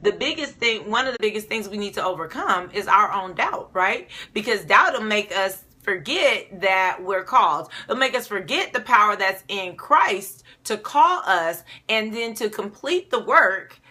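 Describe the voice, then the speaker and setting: A woman delivers a casual, conversational sermon with a bright, clear tone. She retells scripture informally with chatty asides. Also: mid-range voice, lively intonation, a little slow, hardly any pauses. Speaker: preacher.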